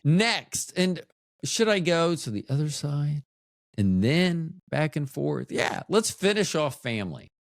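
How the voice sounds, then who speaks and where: Guy hosting his own podcast, kinda high voice that bounces around a lot, goofy rambling, dry sound. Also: sing-song, slow, creaky, no room sound. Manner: rambling, joking, self-mocking. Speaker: podcast host. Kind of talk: casual solo podcast chat.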